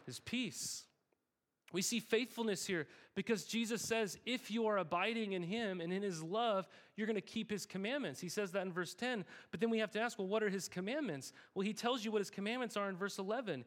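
This young pastor preaches with a notably high voice at a slightly fast pace. Keeping his sermon conversational, he poses questions to the congregation, answers them himself, and leans on repeated phrases for emphasis.

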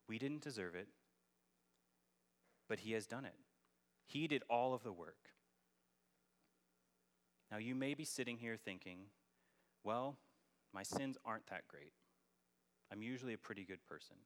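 A man's voice: on the low side, lively intonation, unhurried, long pauses. A man preaching a sermon as a church elder, earnest and building to emphatic peaks. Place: church sanctuary.

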